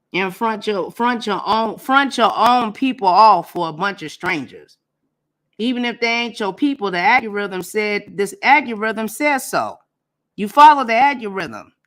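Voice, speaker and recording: A woman hosting a casual livestream, telling stories and commenting in a blunt, profane, animated way. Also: medium pitch. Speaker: livestream host.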